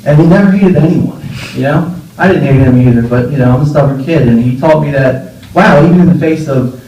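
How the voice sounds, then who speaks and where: In an echoey memorial room, heard from a distance over faint noise on lo-fi sound, a young man speaks briskly in a fairly high, dark voice. He's delivering a casual eulogy, rambling through affectionate stories with many fillers and laughs.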